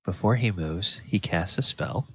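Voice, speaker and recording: A man narrating a tabletop game as game master, halting and full of ums. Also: sits low, breathy edge. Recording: slightly dull, dry audio.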